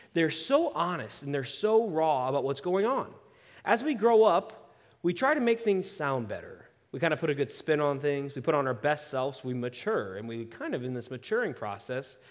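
A young male pastor preaching a sermon, telling a personal story with animated, self-aware asides. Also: a little high, in a large hall.

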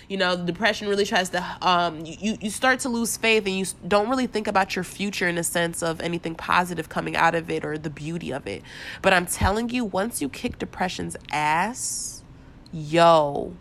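A woman's voice: on the low side, sharp tone, a little hiss or hum. A woman hosting a podcast, speaking in a spontaneous, heartfelt and repetitive way, full of casual slang, recorded alone in her bedroom with her voice cracking as she holds back tears. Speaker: podcast host. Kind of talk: spontaneous inspirational monologue.

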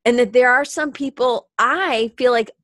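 A woman's voice: fairly high pitch, moderate pace, a bit bright, dry recording, studio quality. A woman hosting a podcast, tearful and talking in a rambling, heartfelt motivational monologue. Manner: rambling with restarts and filler words. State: teary, crying. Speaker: podcast host.

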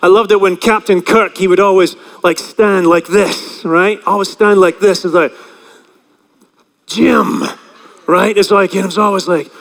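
High-voiced man preaching in a hall. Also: fairly even intonation, normal speed, few pauses, fairly bright tone. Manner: chatty, asks the congregation questions. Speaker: pastor. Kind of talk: sermon.

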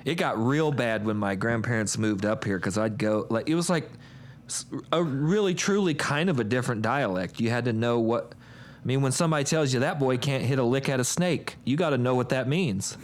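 A man's voice: medium pitch, lively intonation, brisk. A man from Indiana co-hosting a radio show, joking and bantering casually. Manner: joking, playful. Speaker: radio co-host.

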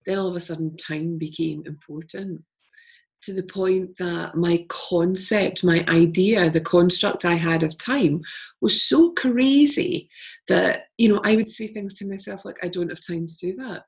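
A middle-aged woman with a Scottish accent talks in a relaxed, reflective way, breaking into easy laughter. Her voice sits a little low. She is a guest in a casual podcast chat. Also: unhurried, gravelly. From Scotland. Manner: reflective, chatty, laughs easily. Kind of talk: casual conversation.

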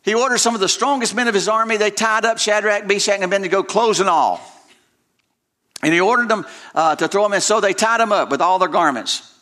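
High bright-voiced male preacher. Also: brisk. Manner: retells scripture dramatically with frequent word repeats. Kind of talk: sermon.

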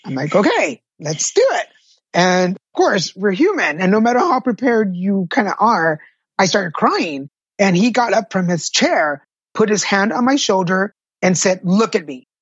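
A man's voice: high voice, slightly rough, no echo, muffled recording. A middle-aged man, a patient advocate, telling his personal story in an interview, earnest and candid. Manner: earnest, candid, self-deprecating.

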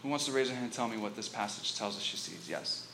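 A youth pastor delivers an interactive sermon, talking fast in a fairly low voice as he animatedly tells the story and quizzes his listeners. There's background noise.

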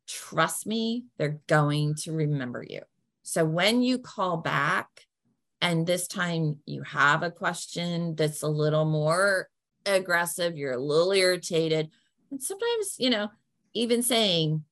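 Woman, lowish voice, easygoing advisor, friendly and practical in a Q&A. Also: lively intonation, a little slow, a bit bright. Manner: friendly and down-to-earth, acts out polite phone lines. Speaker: patient advocate answering questions. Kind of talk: practical advice in a Q&A.

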